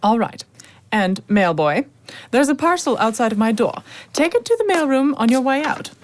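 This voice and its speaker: A woman's voice: on the high side, very animated, normal speed, noisy background. An actress playing a pompous, self-important woman who runs a construction company, in a children's radio drama. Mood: bossy. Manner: bossy, self-important, showy. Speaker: company manager.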